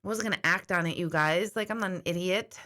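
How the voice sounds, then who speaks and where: A woman's voice: on the low side, quick pace, sharp tone. A middle-aged woman host chatting casually to her viewers, telling a long rambling story. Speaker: intuitive host.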